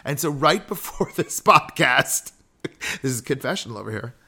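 A man hosting a podcast, teaching ethics in a relaxed, conversational way. He leans on rhetorical questions and self-deprecating asides. His voice sits at an ordinary, middle pitch. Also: normal speed, slightly rough. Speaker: podcast host. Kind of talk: casual religious teaching.

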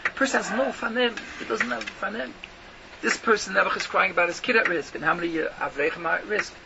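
A man's voice: high-pitched, fast, gravelly. A man giving an emphatic yeshiva-style Torah lecture, firing rhetorical questions and mixing in Yiddish and Hebrew terms. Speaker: rabbi giving a Torah talk. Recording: muffled lo-fi recording with noticeable background noise.

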